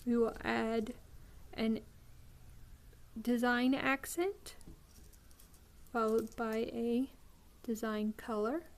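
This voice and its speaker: A woman hosting a beading tutorial, explaining each step patiently with frequent ums and pauses. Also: a little high.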